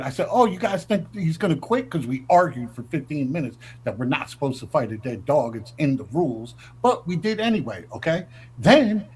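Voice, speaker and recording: A man's voice: medium pitch, slightly rough. A man from the northern United States telling profane stories in a brash, swaggering way, acting out quotes in a raised voice. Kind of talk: profane storytelling.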